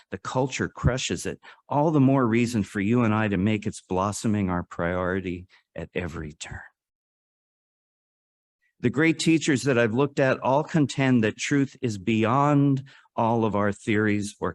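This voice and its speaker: Man preaching a sermon, lowish voice, tells a story earnestly, gets loud then goes hushed. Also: expressive, measured pace. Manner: earnest, with dramatic rises and hushed drops. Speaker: guest speaker at a congregation. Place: worship service hall.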